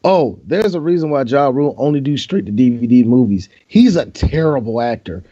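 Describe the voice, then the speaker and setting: A man's voice: mid-range voice, expressive, fairly quick, warm tone. A man co-hosting a podcast in casual banter, blunt and profane, joking about movies. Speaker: podcast co-host. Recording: dull lo-fi sound.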